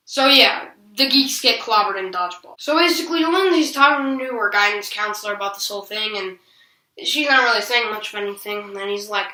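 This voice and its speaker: A woman's voice: a little high, animated, normal speed, sharp tone. A woman recapping a TV episode in casual, slangy chat with sarcastic asides. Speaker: TV episode reviewer. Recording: roomy echo, distant from the mic.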